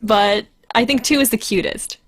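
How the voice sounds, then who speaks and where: A woman's voice: on the high side, moderate pace. Reactive woman guest on a podcast. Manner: reactive, exclaims and gasps at the story. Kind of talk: casual podcast chat.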